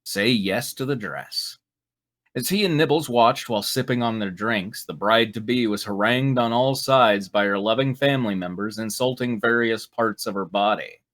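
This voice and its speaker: A man's voice: lowish voice, normal speed, a bit bright. A man hosting and narrating a live fan fiction read-through in a playful, joking manner. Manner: playful, breaks to laugh and comment. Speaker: narrator and show host.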